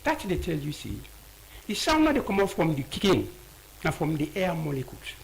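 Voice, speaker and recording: A man's voice: fairly high pitch, huge pitch swings, normal speed, gravelly, poor audio. A man with a Sierra Leonean Krio accent, an audiologist explaining ear health as a guest in a radio studio, often repeating key words.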